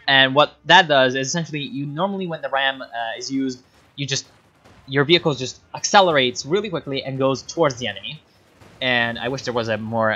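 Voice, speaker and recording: A replay commentator walks through a strategy game with a lively, wide-ranging voice. The explaining is patient, but it keeps erupting into exasperated shouts at the players. The recording is dull and lo-fi. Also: mid-range voice. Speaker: game caster.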